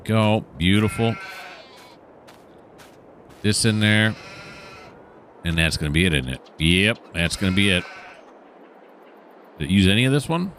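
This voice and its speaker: A man's voice: lowish voice, lively intonation, measured pace, pauses often, a bit bright, slight background noise. A middle-aged man, commenting casually on a farming game and talking to the animals as he plays. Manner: rambling self-talk, chatting to the game animals. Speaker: gaming channel host.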